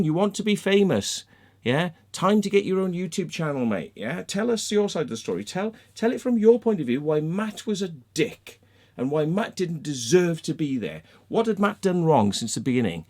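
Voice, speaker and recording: Male vlogger, heated sweary rant, lively up-and-down delivery, fairly high voice. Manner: sweary, heated, mocking, acts out quoted people. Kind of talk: angry rant to camera.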